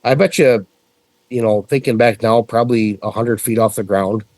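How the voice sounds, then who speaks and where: This podcast guest, a middle-aged central New Yorker, spins his story in a casual, lively way peppered with curses. His voice is mid-range at a moderate pace, and there's no room sound.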